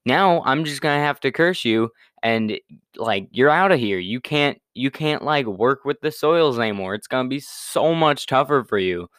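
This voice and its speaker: A man's voice: medium pitch, lively intonation, normal speed, a bit bright, no room sound, studio quality, voice pushed up, close to an everyday voice. A man voicing God as an exasperated, slangy dude who scolds and stammers in a casual Bible retelling.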